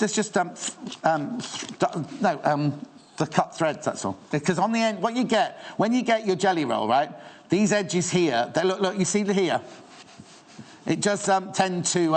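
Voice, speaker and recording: A man hosts a live shopping channel, gushing over sewing fabrics with rambling, playful asides to the crew. His voice sits fairly high and swoops all over the place.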